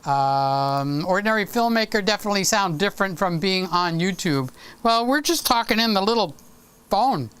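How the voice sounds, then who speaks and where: A man's voice: sits high, expressive, moderate pace, a bit bright, clean tone. A man hosting a casual live stream with a sore throat, chatty and teasing, talking into a desk microphone. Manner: chatty, teasing and affectionate with viewers.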